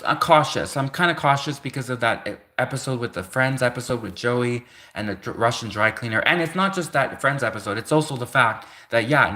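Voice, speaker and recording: A man's voice: mid-range voice, sharp tone. A man in his thirties hosting a livestream, telling a story in a rambling, casual way, full of "like" and self-corrections, laughing between thoughts. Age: 30s. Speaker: livestream host.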